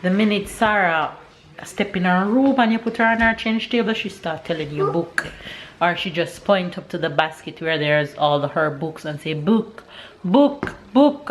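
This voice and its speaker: At home, a family vlogger in her thirties from Jamaica talks casually to camera in Jamaican English grammar, her thoughts a bit scattered. She has a fairly low-pitched voice, with slight background noise.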